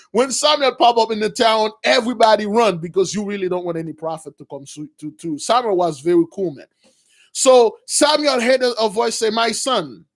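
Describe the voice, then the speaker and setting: Man with a high voice, informal religious storyteller, slangy, animated. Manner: animated, slangy, bursts of shouting. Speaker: preacher.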